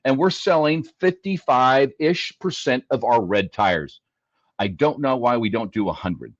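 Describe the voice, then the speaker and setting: A man's voice: mid-range voice, animated, a little slow, no room sound, highs cut off. A man on a panel discussion, a dealership service leader explaining his goals with emphatic repetition. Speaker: dealership fixed ops leader.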